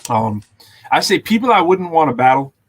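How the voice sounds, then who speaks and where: A man in casual chat, talking in an animated, rambling way and filling his speech with "you know what I'm saying". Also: fairly high pitch, moderate pace. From Massachusetts.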